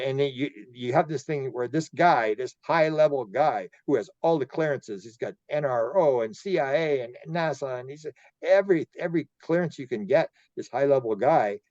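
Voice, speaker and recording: Canadian guy telling stories on a podcast, stumbles and repeats himself, mellow voice, bit muffled. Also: mid-range voice, fairly quick, no room sound. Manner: rambling, repeats words, acts out quoted dialogue. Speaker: podcast guest, UFO researcher. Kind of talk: storytelling interview.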